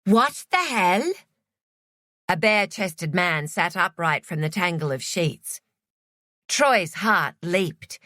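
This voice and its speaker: A woman reading scripted narration for an audiobook in a measured storytelling manner. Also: lowish voice, sharp tone, no room sound, clean studio sound.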